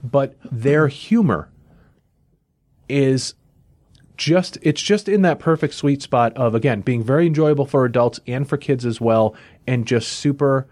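A man's voice: medium pitch, measured pace, a little mellow, dry recording. Man chatting about comics, dry sound. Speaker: comic book podcast co-host. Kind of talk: casual chat.

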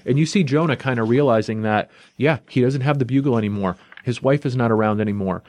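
A man hosting a comic book podcast, casually recapping a story in an animated way, often saying "you know" and "like.". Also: mid-range voice, quick pace, few pauses, no room sound.

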